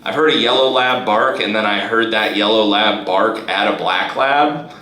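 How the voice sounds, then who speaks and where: A young male comedian performing a live stand-up set in a comedy club, halting with restarts and fillers. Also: on the low side, sharp tone. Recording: roomy live club recording with crowd. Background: audience laughter.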